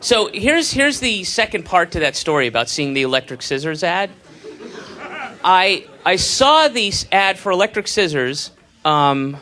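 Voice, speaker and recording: Stand-up comic, male, sharp bright voice, a bit high, sarcastic profane ranting, live club with crowd murmur and hiss. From United States. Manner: profane, sarcastic ranting with mocking whispered asides. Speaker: stand-up comedian. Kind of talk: stand-up set. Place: comedy club stage with laughing audience. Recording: live club recording, audience murmur and faint noise.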